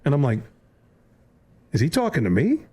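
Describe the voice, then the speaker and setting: Male podcast guest, mid-range voice, animated storyteller. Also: medium pitch, normal speed, slightly rough. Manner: lively anecdote-teller, acts out voices.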